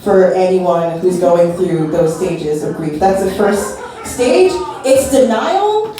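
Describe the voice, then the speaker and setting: A woman's voice: on the low side, animated, slow pace, mellow. Nervous young woman doing standup, laughs between bits, sounds far from the mic in a big echoey room. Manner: nervous, self-deprecating, laughing between jokes. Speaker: stand-up comedian. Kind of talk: stand-up set. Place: comedy venue with a live audience.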